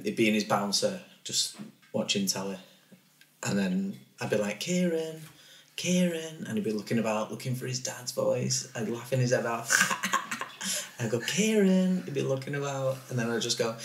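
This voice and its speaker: A man who does stand-up comedy, telling a story as a podcast guest in an animated way and laughing often. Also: mid-range voice. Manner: animated, laughs often, slips into quoted voices. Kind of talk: casual storytelling. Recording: echoey room.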